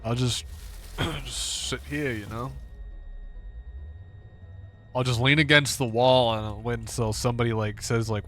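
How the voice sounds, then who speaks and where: A man's voice: mid-range voice, expressive, unhurried, pauses often, fairly bright tone. A man streaming a game, chatting casually and sarcastically to himself and his viewers, laughing and swearing often. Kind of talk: casual gaming commentary.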